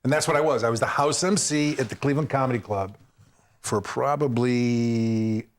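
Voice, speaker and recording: A middle-aged man, a guest comedian, telling animated stories in an interview, acting out voices and laughing as he goes. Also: medium pitch, moderate pace. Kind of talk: storytelling in an interview.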